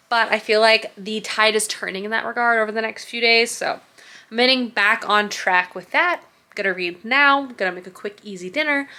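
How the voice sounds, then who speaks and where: Woman book vlogger, bright tone, roomy echo, chatty and gushing. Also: mid-range voice. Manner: chatty and enthusiastic, many "like" fillers. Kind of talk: casual vlog chat. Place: home under construction, indoors.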